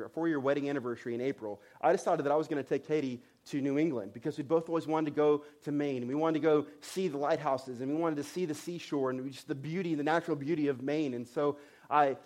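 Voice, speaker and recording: A man in his thirties preaches a sermon in a noticeably high voice. He tells his story in an animated, self-mocking way, often restarting his phrases. He sounds like a pastor speaking to his congregation.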